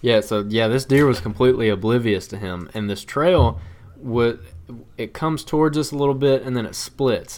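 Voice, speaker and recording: A man co-hosting a podcast, telling a story in casual chat in a rambling, animated way with frequent laughs. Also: medium pitch. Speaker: podcast co-host.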